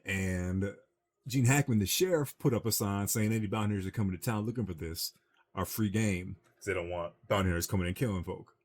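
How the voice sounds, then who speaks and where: A man on a casual gaming chat show, rambling through a film plot and acting out the quotes in a low voice. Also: a little fast. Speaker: podcast co-host.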